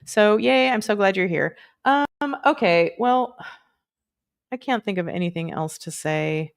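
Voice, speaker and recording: A woman's voice: medium pitch, expressive, unhurried, gravelly, clear, resonant tone. A woman hosting a casual livestream, chatting in a rambling, playful way with lots of fillers and asides. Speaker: livestream host.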